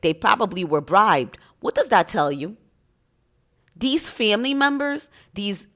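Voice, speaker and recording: A spiritual content creator with a mid-range, slightly bright voice delivers an impassioned, emotional monologue to her viewers. Her manner is preachy and emphatic.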